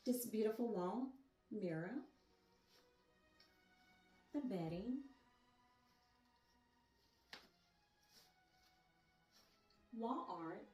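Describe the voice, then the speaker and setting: A woman's voice: mid-range voice, expressive, slow, warm tone, distant mic, faint music behind. A woman putting on a polished interior decorator with a put-on accent, presenting a room showroom-style. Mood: poised. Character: poised woman interior decorator introducing herself. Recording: echoey room, voice from off the mic.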